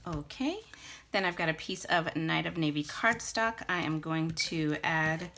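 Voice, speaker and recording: Low-voiced woman gushing over a craft. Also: a little slow, fairly bright tone, a little hiss or hum. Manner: chatty, gushing, thinks aloud while working. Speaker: card-making demonstrator. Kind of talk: casual crafting tutorial.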